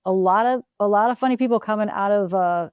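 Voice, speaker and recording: A woman in her fifties talks with a Philadelphia accent, trading quick, witty stories in a relaxed podcast chat. Her voice sits mid-range and the sound is dry and close. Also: medium pitch, clear, resonant tone, no echo, highs cut off. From Philadelphia area, US. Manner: quick-witted, animated storytelling with playful voices. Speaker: guest.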